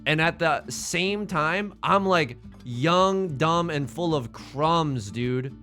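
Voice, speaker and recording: Excitable male streamer thinking aloud. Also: a little high, takes it slowly, soft background music. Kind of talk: live gameplay commentary.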